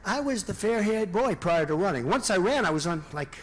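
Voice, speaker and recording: A presidential candidate giving a rambling, off-the-cuff rally speech, repeating himself and throwing asides to the crowd. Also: male voice, high-pitched, expressive, a little fast, few pauses, slight background noise. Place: large indoor rally venue.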